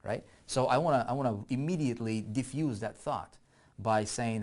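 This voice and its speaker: A man walks viewers through a screen-share lesson on online marketing, talking in an easygoing way as he works. He thinks aloud and keeps checking in with "right?" and "okay?". His voice sits at an ordinary middle pitch, with keyboard typing in the background. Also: moderate pace, a little mellow. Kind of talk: screen-share tutorial walkthrough.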